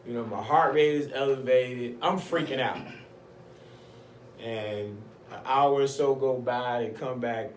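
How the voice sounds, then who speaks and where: A man telling a personal story in casual talk, animated and acting out other people's voices. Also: medium pitch, measured pace, slight background noise. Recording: echoey room, mic at a distance.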